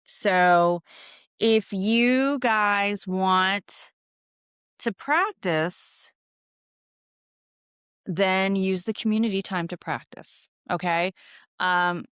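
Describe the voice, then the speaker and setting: A woman's voice: mid-range voice, extremely slow, pauses often, fairly bright tone, smooth, dry recording, studio quality. A young woman hosting a witchcraft podcast, telling stories and teaching in a candid, casual way, swearing freely and using many fillers. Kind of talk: casual storytelling lesson.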